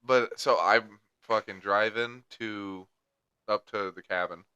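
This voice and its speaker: A man's voice: fairly low pitch, steady tone, slow, pushed and bright, clean tone, no room sound, dull audio. A young man co-hosting a podcast, telling rambling stories in casual chat and swearing heavily. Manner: crude rambling storyteller, heavy swearing. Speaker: podcast co-host.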